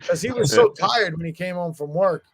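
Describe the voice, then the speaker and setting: A middle-aged man telling stories in a casual chat, animated and profane, acting out quotes. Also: high-pitched, fairly quick, vocal fry, very noisy. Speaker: guest, comic artist and art agent.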